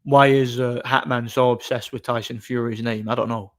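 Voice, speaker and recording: A man's voice: mid-range voice, fairly even intonation, moderate pace. Rambling man chatting on a livestream. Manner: rambling, chuckling, many restarts. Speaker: livestream host. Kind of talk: casual livestream chat.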